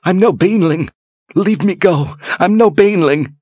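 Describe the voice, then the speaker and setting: A man voicing a haughty noblewoman, high and shrill, pleading in terror. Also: slow pace, no echo. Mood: panicked. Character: panicked haughty noblewoman, terrified.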